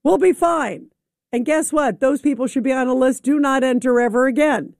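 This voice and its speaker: An opinionated woman hosting a political call-in show, her voice pitched high. She speaks over callers with firm conviction, and the studio sound is dry and close. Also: brisk, a little mellow, no echo. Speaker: radio talk show host. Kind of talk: political call-in radio talk.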